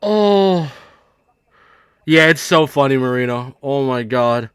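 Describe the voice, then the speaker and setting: A man's voice: medium pitch, expressive, slow, a bit bright, clear, resonant tone, dry recording, clean studio sound. A man giving casual live-stream commentary to his chat, laughing hard and swearing as he reacts to a clip, at a desk microphone in his home setup. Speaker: livestreamer.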